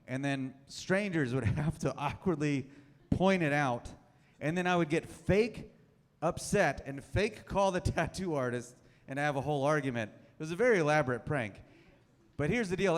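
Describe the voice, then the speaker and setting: A man's voice: a little high, long reverb tail. A man in his thirties doing a stand-up set on a club stage, dry and self-mocking. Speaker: stand-up comedian.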